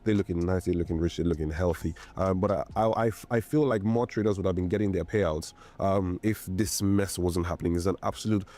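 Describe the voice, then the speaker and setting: A man's voice: deep voice, fairly quick, hardly any pauses, warm tone. A man presenting a trading video in a hyped, preachy way. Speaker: trading educator.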